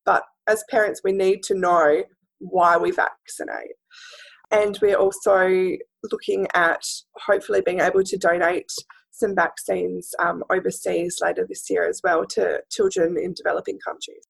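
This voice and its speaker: A woman's voice: lowish voice, fairly even intonation, moderate pace, creaky, breathy edge, poor audio. An Australian woman speaking as a guest and charity director, talking earnestly and steadily in a podcast interview.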